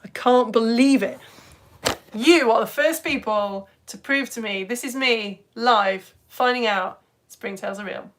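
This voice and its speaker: Female host, live-stream chat, excitable and chatty, pitch sits a bit high. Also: a little slow. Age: adult parent. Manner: excitable, chatty, with big swings in pitch and loudness. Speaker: live-stream educator reading chat comments.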